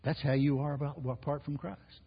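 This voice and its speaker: A man's voice: fairly high pitch, flat delivery, a little fast, creaky, breathy edge. A man preaching a sermon as pastor, emphatic and repetitive, rising and falling in force. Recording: muffled, reverberant hall recording.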